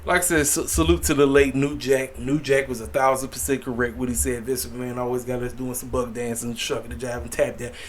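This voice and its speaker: A man's voice: mid-range voice, level tone, fairly quick, few pauses, slight background noise. A man giving a casual opinion rant as a wrestling vlogger, exasperated and repetitive, with slangy asides.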